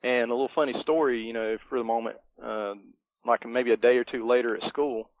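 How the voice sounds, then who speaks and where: A man's voice: mid-range voice, steady tone, fairly quick, dry recording. A middle-aged man cohosting a podcast, talking casually and hesitantly with lots of fillers. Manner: hesitant, many fillers, nostalgic. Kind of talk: casual movie review chat. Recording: dry tinny phone-like line.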